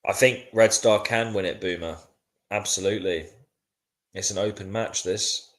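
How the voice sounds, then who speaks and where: A man reacting live to a football match, worn out and grumbling. His voice sits very low. He keeps chatting back to viewers in a loose, casual way. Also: steady tone, normal speed. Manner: frustrated, weary, chatty with viewers. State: sleepy, yawning. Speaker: watchalong host.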